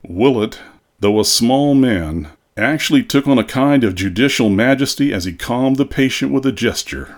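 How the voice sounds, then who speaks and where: A man narrating a horror story for an audiobook in a measured, deliberate delivery. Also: medium pitch, expressive.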